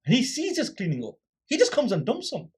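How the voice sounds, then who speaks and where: A man's voice: very high voice, fairly quick, slightly rough. A man guest on a podcast, casually telling a story and acting out the people in it. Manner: animated storyteller acting out quoted exchanges.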